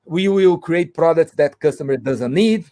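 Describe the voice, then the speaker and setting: A man explains a business topic, stopping and restarting his phrases often. His voice sits a little high for a man. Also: dark tone. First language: Portuguese. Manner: halting, with frequent restarts and fillers. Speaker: guest speaker. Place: video call.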